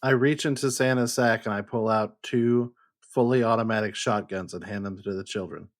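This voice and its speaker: A man's voice: lowish voice, fairly even intonation, moderate pace. A man playing a tabletop game, chatting in a playful, jokey way. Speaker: player.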